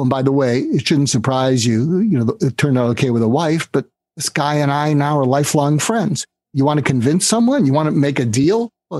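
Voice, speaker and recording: His voice is a little high and slightly rough, with no echo in the recording. The speaker, an author and negotiation trainer, is being interviewed on a podcast and tells animated stories, acting out the quoted lines.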